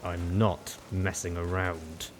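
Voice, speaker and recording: A man voicing a composed male pony who answers coolly and flatly. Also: low voice, a little slow, slight background noise. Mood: cold. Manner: calm, flat.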